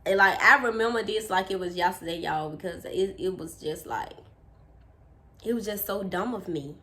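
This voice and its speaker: Woman, storytime vlogger, animated, dramatic, chatty, casual. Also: medium pitch, normal speed. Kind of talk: storytime vlog.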